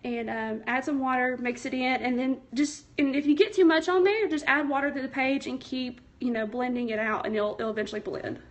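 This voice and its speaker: Young woman, slightly high voice, chatty, enthusiastic, livestream from home on a phone. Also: fairly even intonation, brisk, few pauses, muffled recording. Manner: chatty, enthusiastic, a little nervous, answers viewer comments. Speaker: craft livestream host. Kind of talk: casual livestream tutorial. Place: home, indoors.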